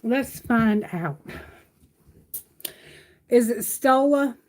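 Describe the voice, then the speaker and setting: A woman giving a live-stream tarot reading at home. She reassures viewers warmly, calls them sweetheart, and asks her questions aloud to Spirit. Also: fairly high pitch, animated, drawn-out words, rough recording. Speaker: tarot reader. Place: at home, near her bedroom.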